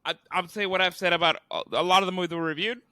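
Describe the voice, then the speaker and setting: A man's voice: high voice, fairly even intonation, rapid-fire, pushed and bright, no echo, studio quality. A young man co-hosting a podcast, swearing freely and joking, often slipping into impressions of the people he talks about. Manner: profane, joking, mimics others mid-story. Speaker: podcast co-host. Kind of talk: casual podcast chat.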